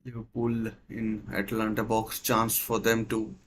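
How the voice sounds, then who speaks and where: A man's voice: on the low side, monotone, unhurried, a bit bright, a little hiss or hum, low-quality recording. A man hosting a live football watchalong, giving hesitant play-by-play with many fillers and restarts. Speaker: watchalong host. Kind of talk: live match commentary watchalong.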